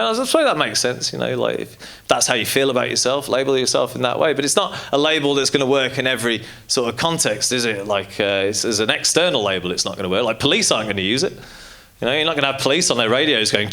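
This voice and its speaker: A man's voice: medium pitch, expressive, fast, creaky. Rambling, profane male stand-up comedian. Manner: rambling, casual and profane, full of fillers. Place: comedy club stage with audience. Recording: live comedy club with loud audience.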